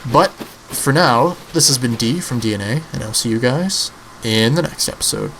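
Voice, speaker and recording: A man's voice: mid-range voice, lively intonation, normal speed, rough recording. A man in his early twenties giving casual, rambling gameplay commentary as a channel host, swearing offhandedly. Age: early 20s.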